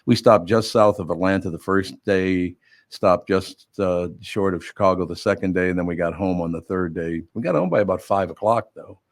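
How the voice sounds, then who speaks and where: Older male host, low-pitched, dry close mic, loose and self-mocking delivery. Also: moderate pace, dry recording. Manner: rambling, wry, self-mocking. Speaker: radio show host. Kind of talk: casual chat.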